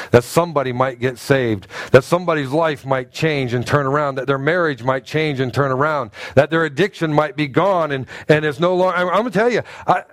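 A middle-aged man, a pastor, preaching a sermon in a church with animated, humorous storytelling and self-mocking asides. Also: medium pitch, no echo. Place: church sanctuary.

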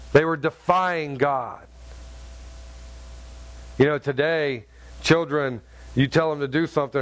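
A middle-aged man preaching a sermon, telling stories with humor and punchy sound effects. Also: medium pitch. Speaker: pastor.

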